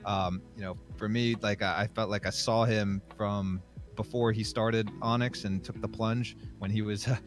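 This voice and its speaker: Low-voiced guy rambling on a podcast, lots of ums, thinking out loud, soft music behind. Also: fairly even intonation, moderate pace. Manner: rambling, reflective, many fillers. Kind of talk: casual podcast chat.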